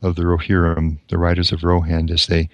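A man reading a novel aloud and stopping to comment on it, in a deliberate and reflective way. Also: sits low, completely flat delivery, no echo, dull audio. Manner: deliberate and reflective, pausing to explain. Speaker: lecturer.

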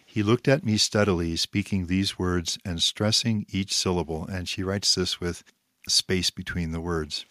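A man with a very low voice reads a devotional text aloud and stops often to explain it, leaning on key phrases in a measured, reflective way. The sound is dry and close, with no room echo. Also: fairly even intonation, pushed and bright. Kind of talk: reading a text aloud with commentary.

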